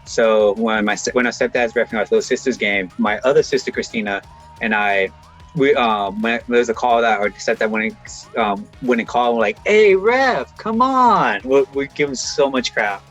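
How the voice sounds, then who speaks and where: A man's voice: lowish voice, fairly even intonation, moderate pace, a bit bright, faint music behind, low-quality recording. A man co-hosting a casual podcast, talking hesitantly and searching for words. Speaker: podcast co-host. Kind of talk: casual chat.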